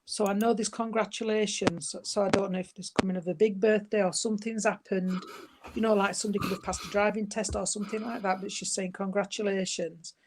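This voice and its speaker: Woman medium, warm-toned chatter, endearments throughout, mid pitch. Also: fairly even intonation, brisk, background noise. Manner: gentle, chatty, full of endearments like sweetheart and darling. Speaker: spiritualist medium. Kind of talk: giving a spirit reading.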